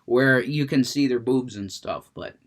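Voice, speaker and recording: A man's voice: mid-range voice, measured pace. A man rambling about video games in a casual monologue, stammering, restarting sentences, cursing freely. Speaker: gaming vlogger.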